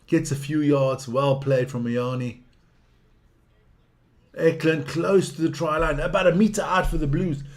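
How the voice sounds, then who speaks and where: A man giving casual live rugby commentary, excitable and blunt, swearing at the referees. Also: a little high, measured pace, long pauses. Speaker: watch-along rugby commentator.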